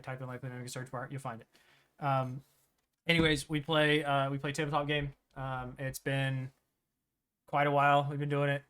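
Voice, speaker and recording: A man hosting a tabletop game stream, ranting loudly and swearing in casual talk. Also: fairly high pitch. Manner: ranting, profane, rambling. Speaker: game master and stream host. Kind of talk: loud casual stream chat.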